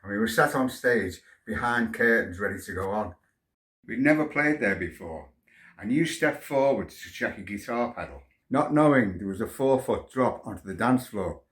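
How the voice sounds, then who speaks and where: A man's voice: on the low side, animated, normal speed, a bit bright, echoey room. A man, a band member, reminiscing about a first gig and speaking directly to a bandmate. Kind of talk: anecdote telling.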